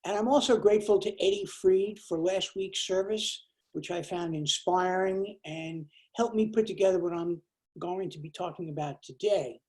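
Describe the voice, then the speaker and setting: A woman's voice: lowish voice, moderate pace, darkish tone, poor audio. A woman giving a lay sermon to her congregation, talking plainly and conversationally with small hesitations and restarts. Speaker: lay worship leader. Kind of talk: lay sermon with a told joke.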